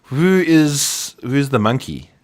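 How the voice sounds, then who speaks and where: A man's voice: mid-range voice, big pitch swings, slow. A man from Africa, co-hosting a podcast in casual, teasing banter. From South Africa. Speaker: podcast co-host. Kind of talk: casual chat.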